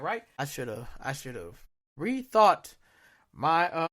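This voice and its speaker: A man in his thirties telling a story in casual podcast chat, acting out his own reactions with loud shouts. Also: a little high, big pitch swings, slow. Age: 30s. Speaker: podcast co-host.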